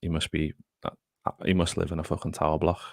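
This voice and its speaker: A man hosts a laid-back football chat, wandering between thoughts and swearing casually. His voice sits very low with a gravelly fry. The recording is dry and close to the mic. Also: completely flat delivery, fast talker, dry recording. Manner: rambling, swears casually, chats to the live chat. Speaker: podcast host.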